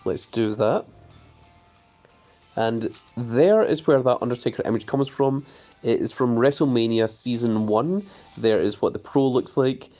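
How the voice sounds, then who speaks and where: A chatty male streamer in a relaxed, unscripted live broadcast. He has a middle-of-the-road pitch, talks through what he shows on screen, reads chat messages aloud and answers them, and his voice jumps up when he greets someone. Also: unhurried, faint music behind. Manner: easily excited, voice jumps up on greetings. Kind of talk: casual live-stream commentary.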